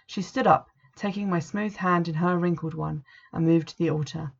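A woman narrating a first-person story in a measured, earnest way, on a dull lo-fi recording. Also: fairly low pitch, fairly even intonation, vocal fry.

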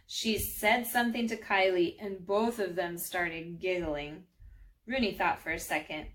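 A woman's voice: on the low side, steady tone, a little slow. Friendly woman storyteller, reading a picture book aloud for children. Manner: gentle, friendly, addresses children.

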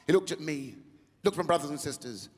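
Animated man doing stand-up in a hall. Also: on the high side, fast talker. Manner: animated, acts out the people he quotes. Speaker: stand-up comedian. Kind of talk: stand-up comedy set. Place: large theatre with a live audience. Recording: reverberant hall, crowd laughter.

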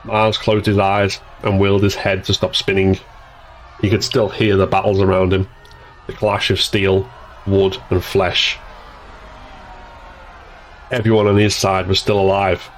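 Deep, flat-voiced male audiobook narrator. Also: a little hiss or hum, rough recording. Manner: steady, measured storytelling.

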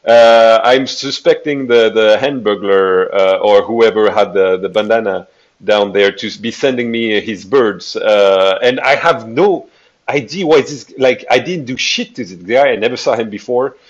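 Halting man with muffled audio. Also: lowish voice. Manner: halting, restarts often, laughs. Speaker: player. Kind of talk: tabletop game play.

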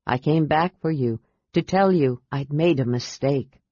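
A deep, hushed man, tender and full of longing, as a woman narrator acts him out. He speaks gently and sadly. The audiobook sound is muffled and dry. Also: measured pace, slightly rough, no echo, exaggerated voice. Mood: pleading. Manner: soft, gentle, low delivery. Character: human half-elf man, tender, pleading, sorrowful. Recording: dull, dry lo-fi audiobook recording.

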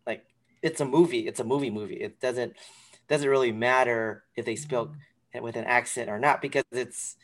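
A man co-hosting a podcast, chatting casually and giving animated opinions full of fillers and restarts. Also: medium pitch, normal speed. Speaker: podcast co-host. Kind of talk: casual chat.

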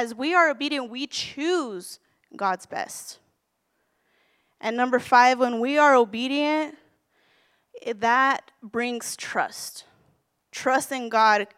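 A woman's voice: fairly high pitch, fairly bright tone, smooth. Earnest woman minister preaching. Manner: earnest, counts off numbered points, quotes scripture; candid and self-deprecating when telling her story. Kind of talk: sermon with personal story.

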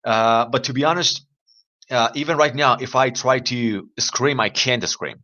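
A man's voice: medium pitch, measured pace, bright, forceful tone, muffled recording. A man hosting a livestream, chatting casually and rambling with teasing questions for his viewers. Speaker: livestream host. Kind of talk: casual chat to live viewers.

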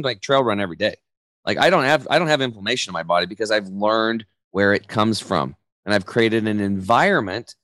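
A man in his forties, a podcast guest talking in a loose, energetic, casual way and acting out quoted voices as he tells stories. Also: fairly low pitch, no echo. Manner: energetic, loose storyteller who acts out quotes. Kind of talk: casual interview chat.

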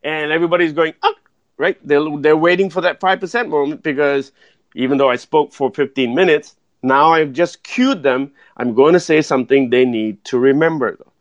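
A man giving animated speaking advice as a guest in a podcast interview, full of "right?" tag questions. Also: a little high, moderate pace, no echo. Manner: energetic, keeps asking "right?" and tacking on "though". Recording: dull lo-fi dry sound.

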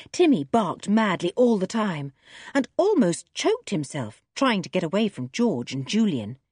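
A woman narrating a children's adventure book in an expressive reading voice. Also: fairly low pitch, breathy edge, no echo, clean studio sound. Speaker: audiobook reader. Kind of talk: storybook narration.

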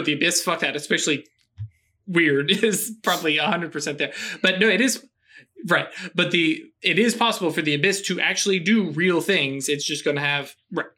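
A man narrating as game master in a relaxed, rambling way. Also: fairly high pitch, a little fast. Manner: relaxed, rambling, full of fillers.

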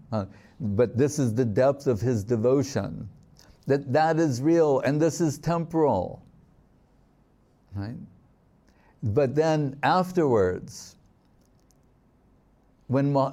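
A man giving a spiritual sermon, telling stories in a reflective, unhurried way and reciting verses. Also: medium pitch, mellow. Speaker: swami giving a spiritual talk.

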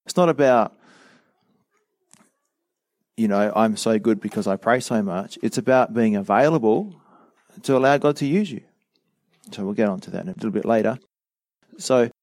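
A middle-aged man preaching a sermon as a pastor, earnest and measured, with a touch of dry sarcasm. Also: medium pitch, a little mellow, dry recording.

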